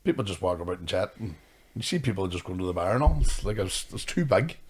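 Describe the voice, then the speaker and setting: A man's voice: deep voice, big pitch swings, fast, husky. A man, a comedian hosting a podcast, chatting casually, swearing often and teasing his co-host. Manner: sweary, teasing, mimics others. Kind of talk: casual banter.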